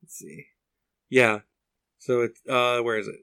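A man chats casually as a podcast co-host, his voice bright and forward. He talks with eager enthusiasm and now and then reads book passages aloud with relish. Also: mid-range voice, steady tone, measured pace, vocal fry, pauses often, clean tone. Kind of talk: casual chat and book reading.

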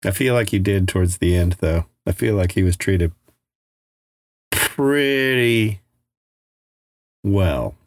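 Slow, low-voiced man speaking haltingly. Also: lively intonation. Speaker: podcast co-host. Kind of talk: casual chat.

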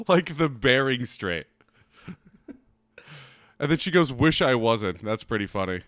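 A man's voice: medium pitch, big pitch swings, takes it slowly, fairly bright tone. A young man, a comedian, co-hosting a casual podcast, laughing often and acting out lines in mock voices. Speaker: podcast co-host.

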